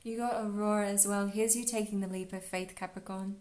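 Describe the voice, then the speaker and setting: A woman giving a relaxed spiritual card reading, talking softly and dreamily with lots of "like" and "you know.". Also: mid-range voice, brisk, echoey room, slight background noise. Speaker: astrology and oracle card reader.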